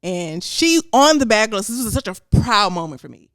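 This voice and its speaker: A woman from Houston with a Texan accent, co-hosting a casual podcast chat in a lively, giggly, animated way. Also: medium pitch, moderate pace, no echo, studio quality. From Houston, Texas. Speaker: podcast co-host.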